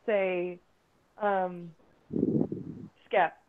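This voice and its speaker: A woman's voice: lowish voice, little pitch movement, extremely slow. A woman joining a casual chat, friendly and chuckling. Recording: tinny phone-like line with noise.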